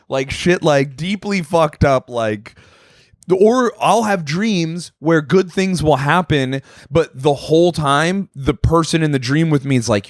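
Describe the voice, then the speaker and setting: A young man co-hosts a podcast and talks casually, swearing freely and acting out little scenes as he goes. His voice sits at a middle pitch. The sound is dry and close, with no room around it. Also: normal speed, dry recording. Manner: profane, animated storytelling with acted-out quotes. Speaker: podcast co-host. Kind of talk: casual chat.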